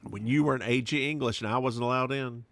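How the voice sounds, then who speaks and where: A man's voice: mid-range voice, a little fast, no echo. A man co-hosting a podcast, chatting casually as he recaps a TV episode, slipping into voices for quotes and swearing freely. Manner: animated, acts out quotes in voices. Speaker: podcast co-host.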